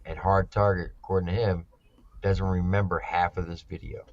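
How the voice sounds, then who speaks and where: A man's voice: low voice, little pitch movement, moderate pace, dull audio, a loud crowd. A man co-hosting a podcast, wryly setting up the video clips the hosts watch together. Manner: wry, introduces the clips. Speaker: podcast co-host. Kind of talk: casual podcast chat.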